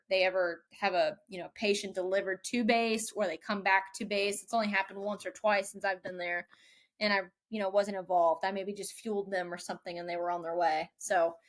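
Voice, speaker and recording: A young woman, a mechanic guest on a podcast, telling a story casually and lively, quoting others in raised voices. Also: mid-range voice, a little fast.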